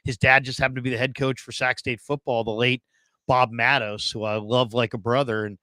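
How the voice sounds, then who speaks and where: A man's voice: medium pitch, flat delivery, a little fast, sharp tone, no echo. A man in his fifties, a former scout turned radio host, telling a long story as an interview guest, rambling with many fillers and restarts.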